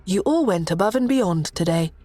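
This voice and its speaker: A woman voicing a gracious young princess who speaks politely and soothingly, pitched higher than her narration. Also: lively intonation, moderate pace, warm tone, dry recording, soft background music. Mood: warmly insistent.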